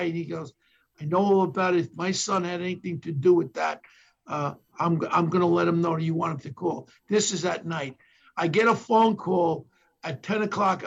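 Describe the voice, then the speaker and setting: An older man with a New York accent and a high, gravelly voice, captured on a muffled recording. A former detective appearing as a podcast guest, he tells police stories with animated energy, voicing what the people in them said in emphatic bursts.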